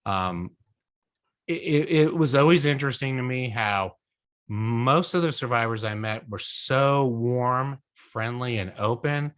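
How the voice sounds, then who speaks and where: A middle-aged man, son of a survivor, answering questions in an online talk in an earnest, measured, reflective way. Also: mid-range voice, fairly bright tone. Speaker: guest speaker, son of a survivor.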